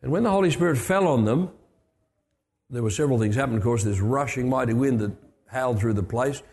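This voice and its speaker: A man's voice: medium pitch, brisk, a little mellow. An older man preaching a storytelling sermon, chatty, with asides and restarts. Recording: long hall reverb.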